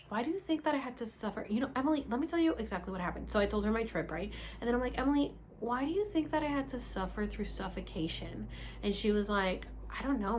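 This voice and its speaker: A young woman tells a personal story to her viewers in a relaxed, chatty way. She acts out each exchange, dropping to a hushed whisper and then jumping up with loud gasps. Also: mid-range voice. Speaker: vlogger. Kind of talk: casual storytelling.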